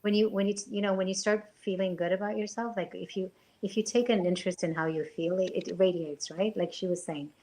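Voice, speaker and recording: A woman guest on a talk show, soft-spoken and halting, restarting her sentences as she speaks. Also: medium pitch, steady tone. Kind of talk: interview talk.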